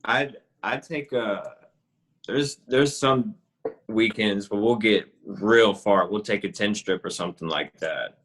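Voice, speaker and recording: Laid-back man with a lowish voice. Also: slow pace, a bit bright, low-quality recording. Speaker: podcast host. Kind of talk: casual chat.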